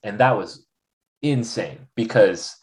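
Animated young man telling his story. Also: on the low side, takes it slowly. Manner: animated, acts out quoted voices. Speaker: guest. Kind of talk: candid conversational storytelling.

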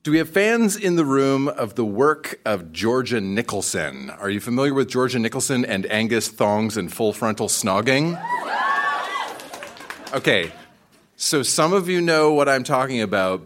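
Man addressing an audience, lively. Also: mid-range voice, moderate pace. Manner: conversational, asks the room. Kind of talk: talk to an audience.

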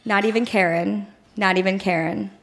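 A woman's voice: medium pitch, fairly even intonation, normal speed, gravelly. A woman reading her teenage journal aloud on stage at a live show, in a pleading, melodramatic way. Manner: pleading, melodramatic teen outbursts. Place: live bar venue.

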